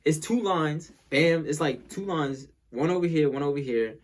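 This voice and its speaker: A young man tells a casual story to camera in a slightly high, husky voice. He rambles, circles back and repeats himself, and he acts out the quoted lines as he goes. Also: moderate pace.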